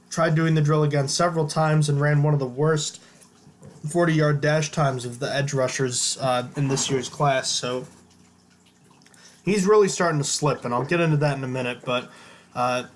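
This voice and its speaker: A man with a somewhat high voice co-hosts a sports podcast. He works through a prospect's strengths and weaknesses in a steady, casual rundown, leaning on "uh" between phrases. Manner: steady rundown with many "uh" fillers. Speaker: podcast co-host. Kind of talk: casual draft analysis.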